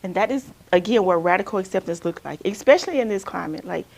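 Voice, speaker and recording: Speaking quickly in a gravelly, medium-pitched voice with lively intonation, an Alabama woman works as a counselor running a group workshop where people share. Her style is relaxed and chatty, and she tosses out "right?" again and again.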